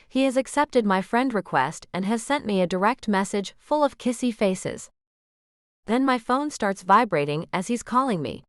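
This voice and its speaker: Expressive woman narrating a romance audiobook. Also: a little high, no echo, studio quality. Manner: musing and expressive.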